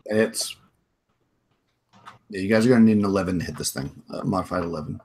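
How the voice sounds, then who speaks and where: A man's voice: low voice, brisk, noisy background. A man running a tabletop game as game master, narrating in a rambling way with many restarts. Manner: rambling, full of restarts and fillers.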